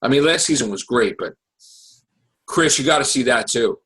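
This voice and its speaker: A man hosting a casual podcast, talking about TV in an excitable and profane way. His voice sits in a middle pitch and he tells his stories with animated energy. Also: moderate pace, poor audio. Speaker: podcast host. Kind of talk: casual chat.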